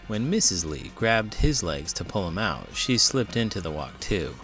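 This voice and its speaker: A man reading a children's picture book aloud with dramatic, expressive storytelling. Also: deep voice, normal speed, faint music behind. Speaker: teacher and children's book reader. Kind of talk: children's read-aloud narration.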